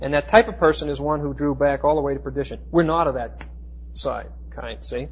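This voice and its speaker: A man teaching a Bible class, explaining Greek words with emphatic, slowed stress and frequent restarts. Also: on the high side, husky. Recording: dull lo-fi recording.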